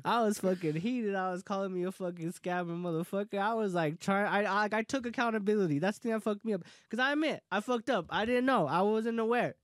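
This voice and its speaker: A young man casually telling a heated story among friends, profane and animated, often laughing. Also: high-pitched, fast talker, few pauses, no room sound, clean studio sound.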